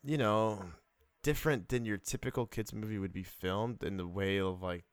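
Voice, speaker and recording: Low, smooth-voiced young man, halting. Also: steady tone, dry recording. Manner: halting, full of fillers and restarts. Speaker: podcast co-host. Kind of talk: casual chat.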